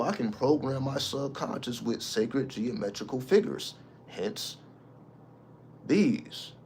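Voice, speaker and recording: A man with a low-pitched voice holds forth as the host of his channel in an unscripted monologue. He talks with heavy emphasis, swears often and explains his ideas like a preacher. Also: a little hiss or hum. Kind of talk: casual spiritual monologue.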